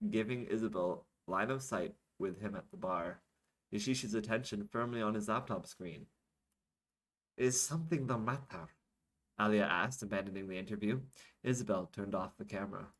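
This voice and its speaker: A tired man reading his own serialized novel aloud, pausing now and then for small asides and corrections. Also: on the low side, fairly bright tone, poor audio. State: tired from being up all night.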